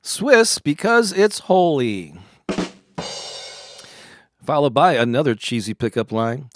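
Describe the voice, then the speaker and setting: A man's voice: a little high, very animated, takes it slowly, long pauses, a little hiss or hum. A man hosting a live stream, reading corny cheese jokes and laughing at his own puns.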